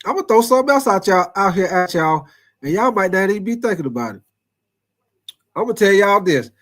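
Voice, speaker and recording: This man hosts a live sports show in a fairly high register, casually reading super chats. Expect animated energy, lots of repetition and easy laughter, personal shout-outs to chatters by name, and a swing between hype and low, lingering asides.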